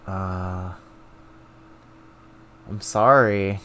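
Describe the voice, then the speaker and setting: A man's voice: low voice, fairly even intonation, extremely slow, pushed and bright, clean tone. A man streaming live, thinking aloud in a self-mocking casual way while taking quizzes.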